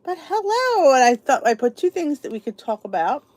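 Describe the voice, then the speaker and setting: A middle-aged woman hosts a live chat stream, rambling from topic to topic and calling out viewers by name. Her voice sits a little high and swoops around a lot, though she sounds tired and sleepy. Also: expressive, fairly quick, a little mellow, no room sound. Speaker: podcast host.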